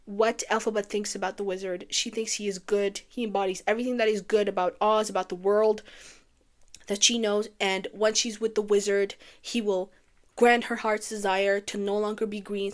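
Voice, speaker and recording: A woman giving a casual, chatty film commentary, gushing and swinging between excitement and wistfulness. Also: mid-range voice. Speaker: YouTuber reviewing a film musical.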